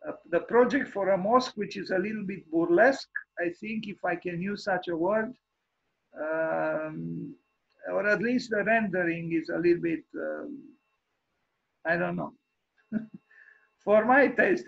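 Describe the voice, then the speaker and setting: Over a video call microphone, with dull, lo-fi audio, a man delivers a casual architecture lecture online. His voice is high and gravelly with a husky edge. He offers candid, wry views while speaking haltingly, with lots of fillers and restarts.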